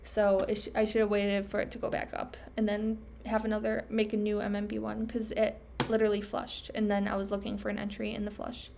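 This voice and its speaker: A woman's voice: mid-range voice, completely flat delivery, fairly quick, vocal fry, few pauses, background noise. A young woman trader thinking aloud over her charts, self-critical and trailing off, losing her voice. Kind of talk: casual self-talk screen recording.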